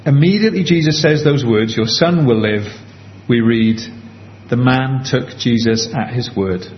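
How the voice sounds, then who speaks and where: A man preaching a sermon in an earnest, conversational way, slowing down on key points. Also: medium pitch. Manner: earnest, conversational, slows down for emphasis. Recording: dull lo-fi with faint background hiss.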